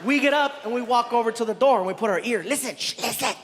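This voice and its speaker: A man telling a story on stage as a stand-up comedian, animated and acting out the people in it. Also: very high voice, quick pace, noisy background. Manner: animated, acts out characters. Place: large live venue. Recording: live stage in a hall with crowd.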